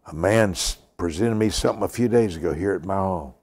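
An older man preaching and praying, slow and emphatic, repeating lines and dropping to a whisper. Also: deep voice, darkish tone. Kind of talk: sermon with prayer.

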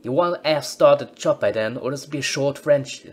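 A man voicing a gruff male British officer in a game playthrough, barking clipped orders in a put-on British accent. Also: medium pitch, moderate pace, a little hiss or hum, pitched above the performer's own voice, lightly acted. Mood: bossy. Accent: attempted British. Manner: loud, bossy, clipped orders.

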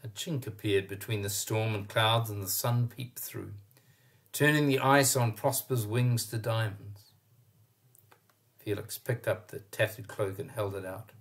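Man reading a children's story aloud. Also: on the low side. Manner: expressive, pauses to point at pictures.

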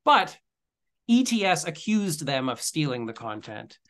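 A man hosting a casual interview, relaxed and chatty, with lots of filler words. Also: a little high, unhurried. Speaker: host.

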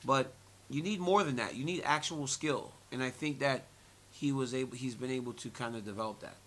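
A man's voice: mid-range voice, a little fast, slight background noise. A man in his forties in a media interview, telling stories with lots of laughter and repeated phrases. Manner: animated storyteller, laughs often, repeats phrases. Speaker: interviewee, former fighter and commentator.

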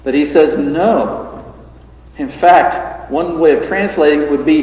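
Pastor, male, fairly high voice, emphatic sermon delivery, heard from a distance in a reverberant church. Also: unhurried. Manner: emphatic, rhetorical questions, varies loud and soft. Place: church sanctuary. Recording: echoey hall, distant mic.

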